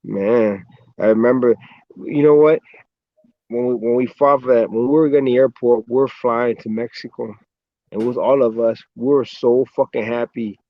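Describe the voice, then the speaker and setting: An American boxer tells his stories in a relaxed, easygoing way, swearing freely and ending lines with "man". His voice sits at a mid pitch and sounds close and dry. It comes through the dull, muffled sound of a video call. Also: moderate pace, no room sound. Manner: laid-back storyteller, swears a lot, says "man" often. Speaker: professional boxer, interview guest. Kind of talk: casual interview chat.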